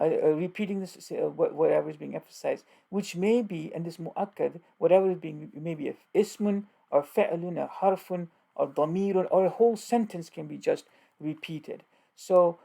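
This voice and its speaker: Man, grammar teacher, gravelly voice, mellow tone, halting, many fillers, repeats examples. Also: a little high. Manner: patiently repeats and translates examples. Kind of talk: informal grammar lesson.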